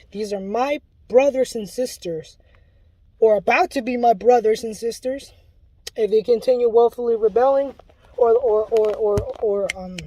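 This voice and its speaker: A man's voice: sits high, mellow, no echo. A man delivering an impassioned spoken warning, pleading and urgent in a preachy way, often restarting his sentences. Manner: rambling with restarts. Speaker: self-described Luciferian giving a testimony.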